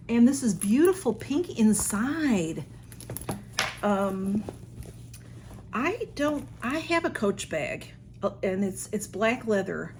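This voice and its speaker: A woman's voice: mid-range voice, a little hiss or hum. A woman chatting casually as she unboxes a birthday gift at home, gushing and exclaiming often. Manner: gushing, exclaims the sender's name, chatty with fillers.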